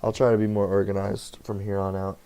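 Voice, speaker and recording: A young man talks loosely to his camera, drifting between thoughts, swearing freely and catching his own slips. His voice sits low and crackles with vocal fry. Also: little pitch movement, fairly quick, mellow. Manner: meandering, profane, self-correcting. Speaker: vlogger. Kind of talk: casual rambling monologue. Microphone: computer headset setup.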